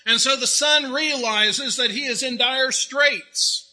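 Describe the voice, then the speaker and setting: A man's voice: very high-pitched, slow pace, bright, forceful tone, poor audio. A man preaching a sermon in a conversational way, asking rhetorical questions and adding humorous asides. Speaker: pastor.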